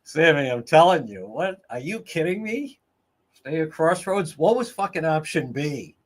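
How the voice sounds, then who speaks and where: A man's voice: fairly high pitch, unhurried. A man hosting a livestream, telling stories in a casual, profane, laughing way. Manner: profane, laughing, animated storytelling. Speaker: livestream host.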